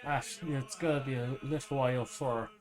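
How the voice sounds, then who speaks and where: A man's voice: medium pitch, steady tone, brisk. A man with a put-on Irish accent chatting casually to his livestream viewers while cooking. He swears often and laughs a lot. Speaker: streamer.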